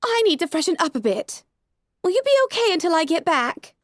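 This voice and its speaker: A woman's voice: very high-pitched, big pitch swings, a little fast, dry recording, clean studio sound, pitched above the performer's own voice. Rarity, a woman doing a refined, genteel unicorn mare. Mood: tender. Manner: genteel, says darling. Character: elegant refined young female unicorn pony.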